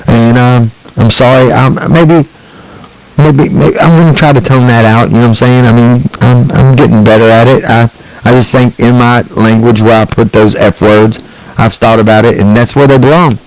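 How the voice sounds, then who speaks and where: A man's voice: medium pitch, steady tone, normal speed, no echo, low-quality recording. A middle-aged man hosting a solo online show, ranting bluntly and profanely, rambling with restarts and asides.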